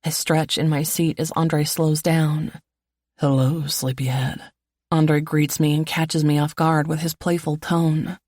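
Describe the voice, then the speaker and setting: A woman narrating a first-person romance audiobook in an even, low-key reading voice. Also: unhurried, no echo, studio quality.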